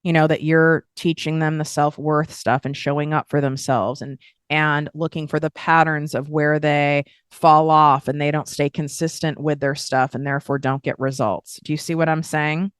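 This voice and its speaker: Low-voiced blunt woman coaching. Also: normal speed, clean tone, no echo, studio quality. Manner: blunt, swears freely, animated with emphatic asides. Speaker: podcast host and business coach. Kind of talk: casual coaching monologue.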